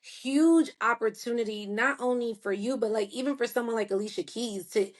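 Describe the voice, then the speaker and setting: A woman's voice: a little high, normal speed. Woman host asking rambling questions. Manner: rambling questions full of fillers. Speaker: podcast host. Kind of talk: casual interview.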